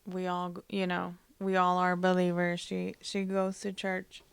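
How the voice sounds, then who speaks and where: A woman podcast host telling personal family stories in a soft, reflective way, pausing often with fillers. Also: lowish voice, monotone, gravelly, smooth, no echo. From Hispanic family, Spanish-speaking mother. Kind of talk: personal storytelling.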